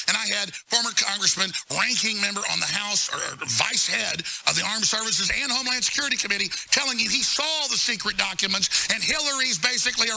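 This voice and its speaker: A man hosting a talk show, ranting fast and emphatically with sudden loud bursts, faint music behind him. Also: high-pitched, gravelly. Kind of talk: heated political talk.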